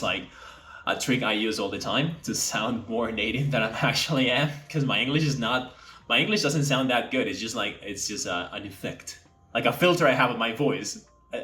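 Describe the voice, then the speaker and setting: Young male English teacher from Mexico, throat-placed bright voice, casual to-camera chat, echoey room. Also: on the low side. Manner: speaks from the throat to sound native-like.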